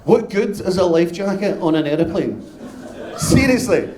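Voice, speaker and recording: Brash, high-voiced Scottish comic. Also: male voice, animated, moderate pace, a little hiss or hum. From Scotland. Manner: brash, sweary and loud, bantering with the crowd. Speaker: stand-up comedian. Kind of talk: live stand-up routine. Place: live comedy venue. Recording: echoey live venue sound.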